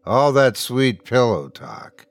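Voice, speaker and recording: A man's voice: mid-range voice, big pitch swings, takes it slowly, gravelly, heavily acted. A man playing a wry, sarcastic young guy. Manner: dry, sarcastic.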